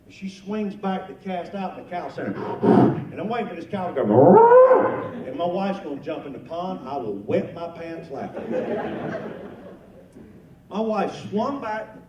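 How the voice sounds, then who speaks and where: A man's voice: high-pitched, expressive, unhurried, pauses often, highs cut off. An older man telling folksy stand-up stories to a lunch crowd, getting rowdy on the punchlines. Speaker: comedian, lunch speaker. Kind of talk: storytelling stand-up. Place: banquet hall at a lunch event. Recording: roomy hall, miked from a distance, faint noise.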